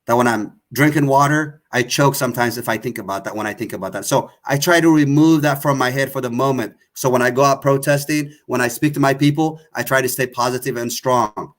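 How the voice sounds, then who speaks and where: A man's voice: mid-range voice, brisk, hardly any pauses. A man from Tigray, hosting an online show and speaking in an emotional, accusatory way with much repetition. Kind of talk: impassioned political talk.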